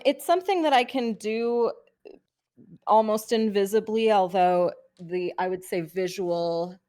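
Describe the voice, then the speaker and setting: A woman playing a tabletop game, speaking hesitantly with frequent pauses and fillers. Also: on the low side, darkish tone. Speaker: player.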